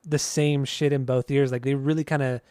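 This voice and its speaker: A man co-hosting a music podcast in casual chat, relaxed and enthusiastic as he talks through the music. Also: mid-range voice, moderate pace, smooth, dry recording, studio quality. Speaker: podcast co-host.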